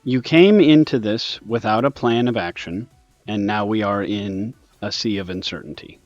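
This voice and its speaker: Guy ranting over his gameplay, lowish voice, kinda dull dry audio, faint music behind. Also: moderate pace, dry recording. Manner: exasperated, animated ranting with sudden bursts. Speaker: gaming video host.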